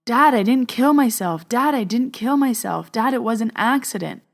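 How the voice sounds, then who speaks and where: A woman's voice: a little high, lively intonation, moderate pace, gravelly, pitched above the performer's own voice. A woman voicing a young man, a departed son, who pleads with his father in an urgent, insistent, raised voice. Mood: pleading.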